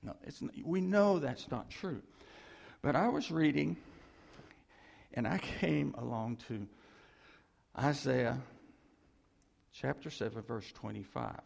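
A man preaches with a husky, gravelly voice that sits a little high for a man. He talks in an animated way, chuckles often and calls out to the congregation. His voice rings through a large hall with a long reverb. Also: slow pace, pauses often. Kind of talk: sermon.

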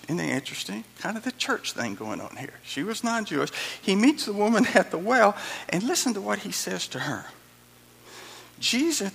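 A man preaching a sermon as a pastor, lively and animated, repeating phrases for emphasis and acting out quotes, in what sounds like a church sanctuary. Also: high voice, creaky, breathy edge. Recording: echoey hall with long reverb.

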